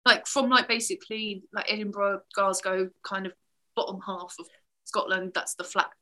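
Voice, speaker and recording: A woman's voice: medium pitch, fairly even intonation, moderate pace, sharp tone. A woman from southern England, a guest musician, talking in a rambling, chatty way and laughing often. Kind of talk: casual chat.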